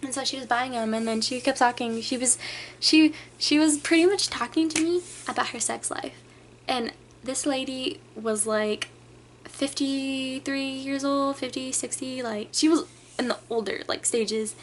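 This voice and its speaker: A young woman telling a casual storytime rant to her camera, animated and full of filler words. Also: sits high, a little slow, slight background noise. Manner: animated, filler-heavy, many "like"s, acts out customers. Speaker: vlogger.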